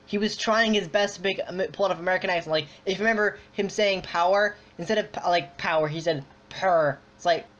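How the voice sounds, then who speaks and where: A man's voice: sits high, fast talker, few pauses, a bit bright. A man hosting a casual online chat, rambling with lots of fillers and restarts. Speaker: podcast host. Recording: dull lo-fi audio.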